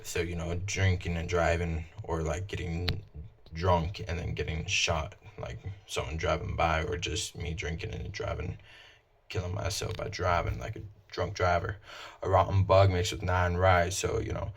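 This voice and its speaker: A man casually explaining his own song lyrics in a flat, low-emotion way, with many fillers. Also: unhurried, vocal fry, husky.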